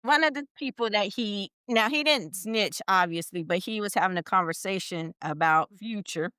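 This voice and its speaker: A woman talks through a casual podcast chat, blunt and slangy, with exasperated asides. Her voice is very clear and smooth. The sound is dry and close. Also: medium pitch, moderate pace, pushed and bright, dry recording. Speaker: podcast co-host.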